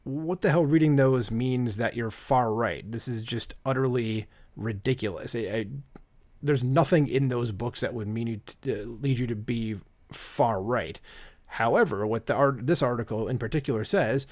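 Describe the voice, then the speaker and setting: A man's voice: mid-range voice, moderate pace, a little mellow. Indignant, rambling male vlogger. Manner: indignant, sarcastic, rambling with fillers. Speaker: channel host. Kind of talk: opinion commentary vlog.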